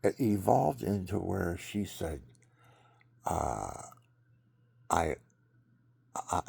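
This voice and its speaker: A man's voice: low voice, sing-song, drawn-out words, vocal fry, pauses often, darkish tone, husky, no room sound, studio quality. An older man rambling through personal stories and religious advice, often restarting sentences and chuckling at himself. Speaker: vlogger telling personal stories.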